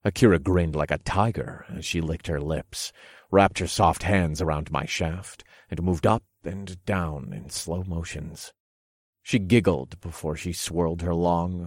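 A man narrating an erotic audiobook in the first person, calm and commanding. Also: low-pitched, unhurried, dry recording, studio quality.

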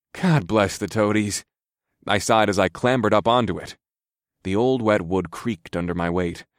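A man's voice: low voice, no room sound, studio quality. A man narrating a first-person fantasy audiobook in a wry, grumbling, understated manner.

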